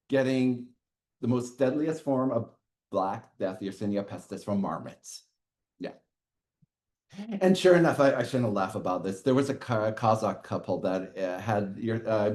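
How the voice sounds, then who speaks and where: A middle-aged man lectures a university class, his pitch swinging widely as he explains. He chuckles at his own asides and keeps checking in with the room. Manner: lively, chuckles often, checks in with "okay".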